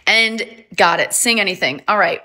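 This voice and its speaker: A woman talks casually on her livestream. Her voice sits in a middle pitch and has a bright edge. She is chatty and upbeat, and laughs often between thoughts. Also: moderate pace. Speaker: livestream host.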